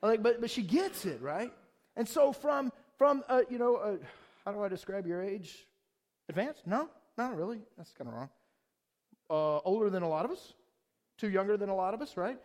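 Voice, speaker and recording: A man with a notably high-pitched voice preaches a sermon in a loose, conversational way. He is enthusiastic and keeps throwing rhetorical questions at the congregation, often restarting his sentences. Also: expressive, normal speed, a little mellow. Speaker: pastor.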